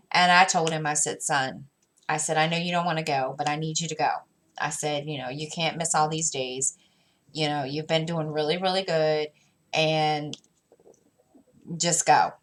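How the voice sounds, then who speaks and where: A low-voiced woman in her thirties chats unhurriedly at home. She rambles through a family story full of fillers and restarts, acting out both sides of a conversation in her own voice. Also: a bit bright. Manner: rambling, many fillers and restarts, quotes herself and her son. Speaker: crafting vlogger. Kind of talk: casual storytelling chat.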